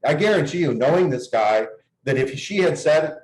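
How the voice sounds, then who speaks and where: A man's voice: a little high, animated, normal speed, a little mellow, a little hiss or hum. A man coaching on dating, explaining his views and telling a client's story in an earnest, casual conversational way. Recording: echoey room.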